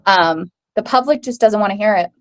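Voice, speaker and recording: A woman's voice: mid-range voice, expressive, a little fast. Young woman, chatty folklorist co-host. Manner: chatty, many "like"s, acts out quotes. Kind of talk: casual chat.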